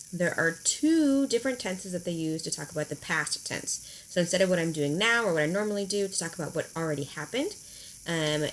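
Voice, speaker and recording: A woman teacher, explaining verb endings in a recorded lesson, slowing down to spell them out. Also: fairly low pitch, fairly bright tone, a little hiss or hum, low-quality recording. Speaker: high school Spanish teacher. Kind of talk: recorded video lesson at a whiteboard.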